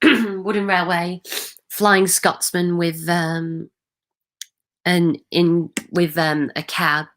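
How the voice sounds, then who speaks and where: A woman's voice: lowish voice, fairly bright tone. A woman from Manchester, hosting a casual livestream and answering viewer comments in a hesitant way, full of ums and restarts. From Manchester, England. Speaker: livestream host.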